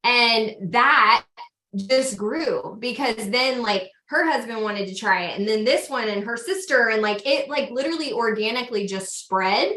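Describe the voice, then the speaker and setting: Bright upbeat woman with a country accent. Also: on the high side, animated, a little slow, reverberant. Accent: Southern US country. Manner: chatty, upbeat storytelling. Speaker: sales team mentor. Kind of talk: casual team video call.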